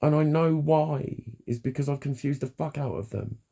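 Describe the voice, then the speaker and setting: A man giving a frank, halting personal monologue, swearing freely and restarting his sentences. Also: a little high, gravelly, warm tone, husky. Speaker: vlogger.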